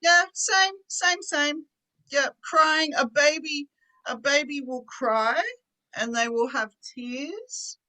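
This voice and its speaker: A woman's voice: sits high, takes it slowly, bright, forceful tone, rough recording. A woman teaching an online English class, patiently explaining words with simple examples.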